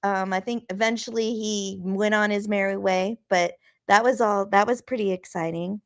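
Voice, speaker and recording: A woman's voice: mid-range voice, fairly even intonation, moderate pace, clear, resonant tone. A woman co-hosting a podcast, chatting casually, exclaiming and bursting into laughter. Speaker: podcast co-host. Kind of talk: casual chat.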